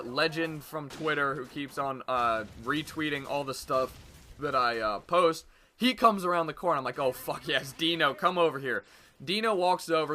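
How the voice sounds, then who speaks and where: A young man casually telling a story to his viewers in a vlog, swearing freely and acting out what others said. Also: on the high side. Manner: animated, profane, acts out quoted voices. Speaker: YouTube vlogger.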